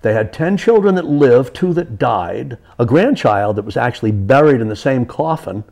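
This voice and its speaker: Author guy chatting on local tv, bit of vocal fry, rambly storyteller. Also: medium pitch, expressive, normal speed, darkish tone. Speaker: author and guest. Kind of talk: casual studio interview. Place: community TV studio.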